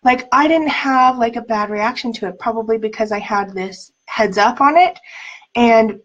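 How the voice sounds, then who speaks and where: A woman's voice: a little high, moderate pace, highs cut off. A woman life coach telling personal stories in a casual teaching talk, chatty and full of "like" and "um", laughing lightly now and then.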